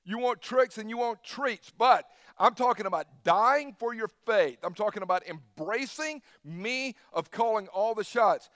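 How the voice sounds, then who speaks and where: High-voiced man preaching. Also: animated, measured pace, few pauses, a bit bright, dry recording, clean studio sound. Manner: emphatic preaching, acting out Jesus's words with casual slang. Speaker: pastor. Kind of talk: sermon.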